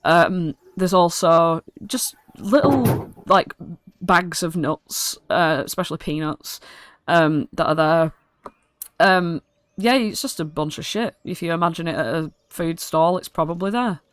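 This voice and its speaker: A woman's voice: lowish voice, unhurried, no room sound. A British woman narrating a tabletop game as dungeon master in a casual, rambling, sweary way.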